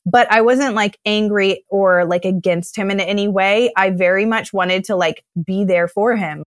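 A woman's voice: medium pitch, normal speed, dry recording. Chatty woman with a very dry voice. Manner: emotional, heavy use of "like", acts out her own past thoughts. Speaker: guest telling her own story. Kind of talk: casual podcast storytelling.

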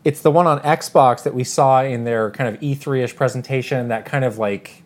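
A woman's voice: rumbling low, normal speed. A woman co-hosting a podcast, chatting casually and laughing easily. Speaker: podcast co-host. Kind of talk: casual chat about video games.

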